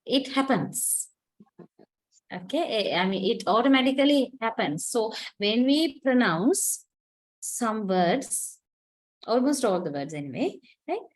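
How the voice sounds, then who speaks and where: A woman lecturing a class in a slightly raised voice. She talks slowly and patiently, pausing to ask her students if they follow. Her delivery is that of a teacher walking through the basics step by step. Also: on the high side, big pitch swings, poor audio. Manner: explains patiently, checks in with "okay?" and "right?". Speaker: university lecturer.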